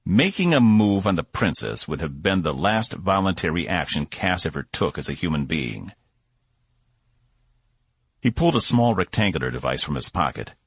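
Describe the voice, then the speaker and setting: A man narrating a science fiction audiobook with expressive storytelling. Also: rumbling low, vocal fry, slightly rough, dry recording. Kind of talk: scripted narration.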